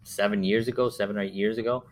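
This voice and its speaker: A man's voice: lowish voice, fairly even intonation, quick pace, a little hiss or hum. A man in casual conversation, rambling and restarting, with lots of repeated words. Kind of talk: casual chat.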